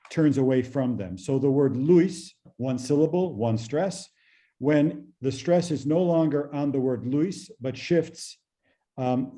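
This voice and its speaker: A man teaching a language class over a video call, patient and explaining slowly with many fillers. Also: on the high side, warm tone.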